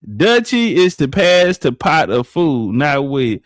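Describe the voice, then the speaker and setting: A man co-hosting a livestream, joking and ranting profanely and shouting out viewers. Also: on the high side, sing-song, slow pace, hardly any pauses, no echo. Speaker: livestream co-host. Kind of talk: casual livestream chat.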